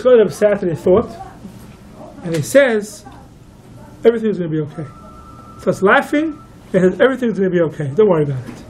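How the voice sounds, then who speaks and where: A man's voice: high voice, darkish tone, a little hiss or hum, low-quality recording. A man, a rabbi, telling a long story to listeners and quoting each figure in turn. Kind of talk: storytelling talk.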